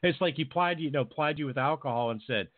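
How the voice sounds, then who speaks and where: A man's voice: a little high, brisk, no echo. A man co-hosting a podcast, bantering and joking with the guest. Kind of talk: casual podcast chat. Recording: tinny phone-line audio.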